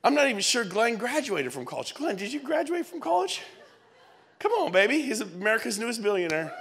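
Energetic man, bright high voice, motivational speech at an event, peppers the audience with questions. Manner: energetic, punchy, quizzes the crowd with rapid questions. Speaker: motivational speaker. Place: event hall.

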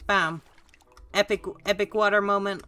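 A woman's voice: medium pitch, fairly even intonation, normal speed, bright, forceful tone, clear, resonant tone, faint music behind. A woman streamer giving casual, sarcastic, self-mocking commentary while playing a game. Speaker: gaming streamer. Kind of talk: casual live gaming commentary.

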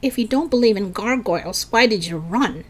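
Woman doing insistent outspoken schoolgirl, lively pitch. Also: moderate pace, slightly rough.

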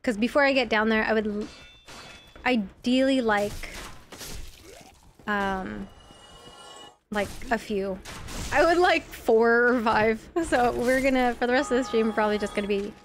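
Slow, giggly young woman streamer. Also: a little high. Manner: giggly, rambling, reads chat aloud. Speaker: game streamer. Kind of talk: casual live-stream chat while gaming.

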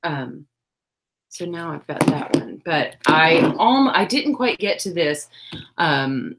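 A woman's voice: low-pitched, sing-song, slow, heavy background noise. A woman, hosting a crafting livestream from her home craft room, chatting casually and self-deprecatingly while reading the chat aloud.

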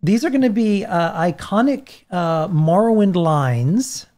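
A woman hosting a casual podcast game, reading lines out slowly and laughing often. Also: on the low side, animated, mellow. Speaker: podcast host.

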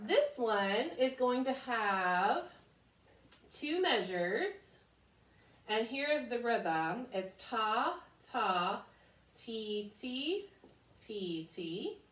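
A woman's voice: on the high side, expressive, slow pace, a bit bright. A woman teaching children a music lesson, cheerfully chanting rhythm syllables. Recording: echoey room, mic far off.

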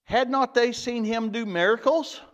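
A man's voice: very high-pitched, moderate pace. Folksy man teaching a Bible lesson. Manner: folksy, repeats words, restarts phrases. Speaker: church teacher. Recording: dull lo-fi church recording.

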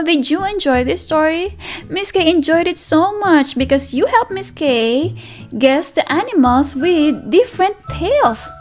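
A woman teacher reading a picture book aloud to toddlers, animated and sing-song, with excited gasps and friendly questions to the children. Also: very high voice. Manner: speaks directly to young children with questions and praise. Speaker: children's teacher and channel host. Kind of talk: read-aloud storytelling for toddlers.

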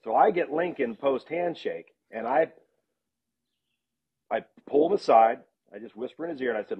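Guest analyst, middle-aged man, husky and expressive, laughing storyteller, muffled podcast audio. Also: medium pitch, normal speed, pauses often. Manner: animated anecdotes with laughs and restarts. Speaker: guest, football analyst and sideline reporter. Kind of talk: casual storytelling in a podcast interview. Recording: dull lo-fi sound.

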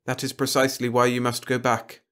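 A cold robot leader speaking with measured, flat politeness, as a man puts the voice on. The voice sits a little higher than usual and never shows emotion. It sounds like a machine in a storybook reading. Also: close to an everyday voice. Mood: cold, formal.

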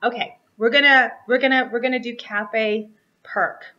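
A woman teaching a theater class online, animated and chatty, often checking in with a quick "right?". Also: on the high side, dull audio.

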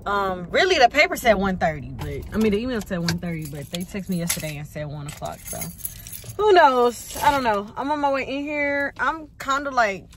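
A woman's voice: mid-range voice, sing-song, fairly quick, slight background noise. Chatty young Texas woman vlogging. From Houston, Texas. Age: 20s. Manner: chatty, rambling, talks to viewers as y'all. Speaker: nursing student vlogger. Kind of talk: casual vlog chat to camera. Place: in a car and walking around campus. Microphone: phone camera.

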